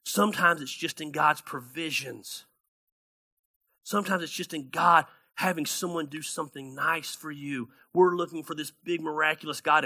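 Lively bright-voiced male pastor. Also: a little high. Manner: animated, acts out voices in Bible stories. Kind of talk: sermon.

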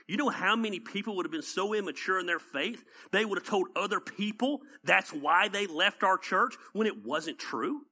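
Animated Southern pastor preaching. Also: male voice, high-pitched. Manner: animated storytelling, repeats points for emphasis. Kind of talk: conversational sermon.

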